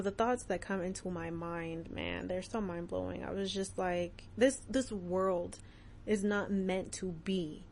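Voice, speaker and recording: A young woman hosting a podcast, talking about faith in an earnest, animated way and often laughing. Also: mid-range voice, a little hiss or hum. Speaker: podcast host. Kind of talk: casual faith talk.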